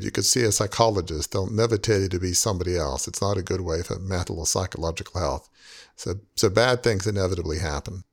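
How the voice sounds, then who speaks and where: A man in his sixties hosting a podcast, talking in an earnest, rambling way with many "you knows". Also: lowish voice. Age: 60s. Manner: earnest, rambling, heavy use of "you know". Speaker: podcast host. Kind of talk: reflective podcast conversation.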